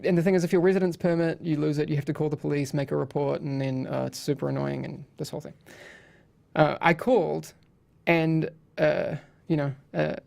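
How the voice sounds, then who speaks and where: A man's voice: fairly high pitch, creaky, a little mellow. A man hosting a casual podcast, telling chatty anecdotes with lots of restarts. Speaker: podcast host.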